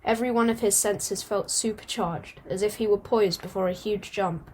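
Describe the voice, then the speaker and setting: A woman's voice: medium pitch, moderate pace, a little hiss or hum. Woman reading a storybook aloud. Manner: steady reading with occasional stumbles and restarts. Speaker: audiobook reader.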